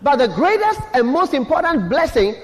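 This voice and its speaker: Preaching at a moderate pace with big pitch swings, a high-voiced male pastor leads his congregation in call-and-response questions during a sermon. He stands in a church hall whose size produces a long echo.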